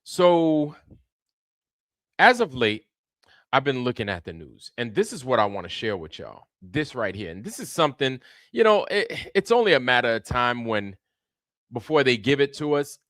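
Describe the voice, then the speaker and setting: A man's voice: mid-range voice, very animated, normal speed, a bit bright, no room sound, studio quality. A man hosting a casual livestream, greeting viewers by name in a loose, repetitive way with plenty of slang. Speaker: livestream host.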